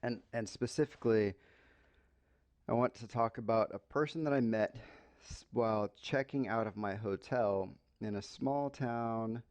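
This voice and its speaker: A man's voice: fairly low pitch, a little slow, a little mellow. An American man hosting an English-learning podcast, telling a casual story and stopping to explain slang for learners.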